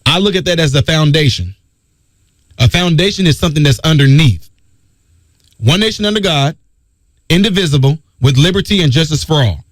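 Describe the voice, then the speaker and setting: A man's voice: on the high side, animated, brisk, pauses often, no echo, clean studio sound. A man hosting a talk radio show, delivering an emphatic, preachy monologue and repeating his key phrases.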